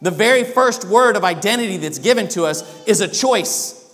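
A man's voice: sits high, expressive, moderate pace, fairly bright tone, in a large hall. A man preaching a sermon as pastor, emphatic, often restarting his sentences.

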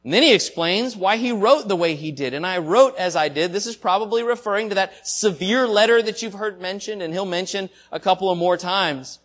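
Earnest preacher, slightly high voice. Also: male voice, a little fast, few pauses, faint music behind. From Southern United States. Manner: earnest, heartfelt preaching with swells and drops in loudness. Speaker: pastor. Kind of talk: sermon.

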